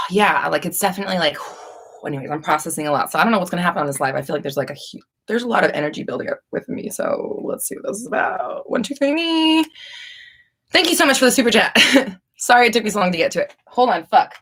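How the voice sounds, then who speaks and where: A woman's voice: lowish voice, wildly swooping pitch, quick pace, a bit bright, husky. A young woman hosting a live Q&A stream, rambling and casual with frequent restarts and swearing. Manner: rambling, profane, chatty with restarts. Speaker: livestream host.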